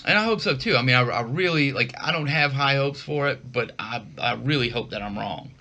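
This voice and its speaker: A man's voice: mid-range voice, expressive, a little fast, bright, forceful tone. A man co-hosting a casual podcast chat, rambling with lots of restarts and fillers. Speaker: podcast co-host.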